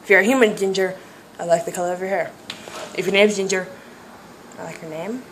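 A young woman films a hyper solo vlog, first in her home kitchen and then out in a yard, giddy and rambling, breaking into squeals and screams. Her voice is on the low side, steady and fairly quick, over noisy home camera audio.

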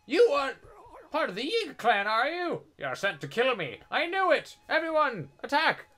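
A man reading game dialogue aloud as an excitable old male villager who is jumpy and teasing, with shrill shouting bursts. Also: normal speed, exaggerated voice. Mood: alarmed.

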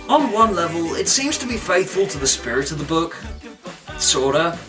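A man's voice: a little high, very animated, normal speed, far from the mic, music in the background. A man giving a comic video review in a mock-dramatic way, breaking into exaggerated outbursts. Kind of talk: comic commentary.

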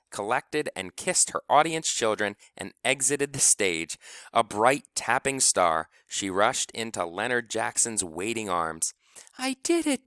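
A man narrating a novel with expressive storytelling. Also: lowish voice, smooth, no room sound, studio quality. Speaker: audiobook narrator. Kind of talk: scripted narration.

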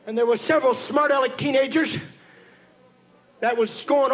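A man preaching a sermon, telling a story and building to shouted emphasis as he calls on the congregation. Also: very high-pitched, moderate pace, low-quality recording. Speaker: pastor. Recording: 1990s church sermon tape with faint hiss.

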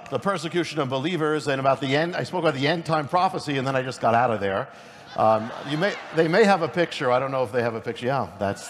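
A middle-aged man preaching at a conference in a quick, conversational way, often restarting his sentences. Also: mid-range voice. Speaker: pastor and speaker. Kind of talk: conference sermon. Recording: long hall reverb, faint noise.

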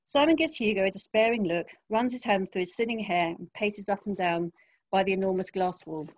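A woman author reading her first-person crime story aloud in a wry, even narration over a video call. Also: medium pitch, brisk, no room sound. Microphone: home computer mic, video call.

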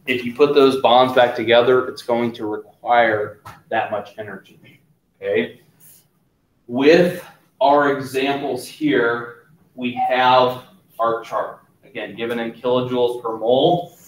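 Man, teacher, classroom lecture, unhurried, distant from the mic, echoey room. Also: medium pitch. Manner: relaxed, checks in with the class often. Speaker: chemistry teacher.

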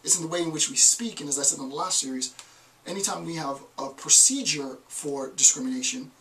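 Male lecturer, slightly high voice, emphatic and self-questioning, set a little back from the mic. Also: fairly quick, bright, forceful tone, far from the mic, a little hiss or hum, rough recording. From United States. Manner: emphatic, rhetorical questions answered himself. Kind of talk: recorded online lecture.

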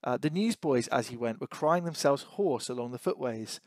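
A man's voice: medium pitch, lively intonation, normal speed, hardly any pauses, darkish tone, dry recording. A man reads passages of a novel and breaks off to annotate them for students. His commentary is loose and thinking-aloud, full of fillers and rhetorical questions. The recording is close and dry, with no room sound. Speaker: English teacher.

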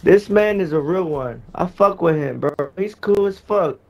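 High-voiced man in laid-back game chat. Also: animated, moderate pace, creaky, muffled recording. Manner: laid-back, slangy, joking. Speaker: fellow player. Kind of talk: gaming voice chat.

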